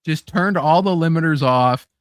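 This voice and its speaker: Excitable swearing man, fairly high voice. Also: moderate pace, clear, resonant tone, dry recording, studio quality. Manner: excited, swearing, rambling with lots of fillers. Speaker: podcast host. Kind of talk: casual chat.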